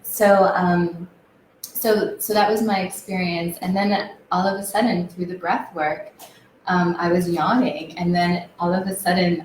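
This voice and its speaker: A woman with a fairly low voice tells her story in a lively, laughing way, restarting her sentences often. The recording sits in an echoey room with a faint hum of ambience underneath. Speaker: guest sharing her retreat experience. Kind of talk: casual conversation.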